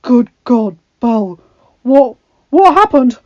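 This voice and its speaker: A woman voicing a beastly young prince, urgent and sharp, in a storybook reading. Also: medium pitch, normal speed, no room sound, lightly acted. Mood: alarmed. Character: beastly young prince, fierce yet protective. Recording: dull lo-fi recording.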